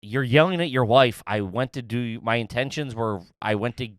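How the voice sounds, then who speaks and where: A man's voice: mid-range voice, moderate pace, dry recording. A man co-hosting a podcast, telling a story in casual chat, swearing a lot and full of animation. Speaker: podcast co-host.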